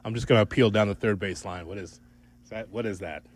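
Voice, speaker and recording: A man's voice: lowish voice, quick pace. A man hosting a sports radio show, joking with his co-host and giving out the call-in number.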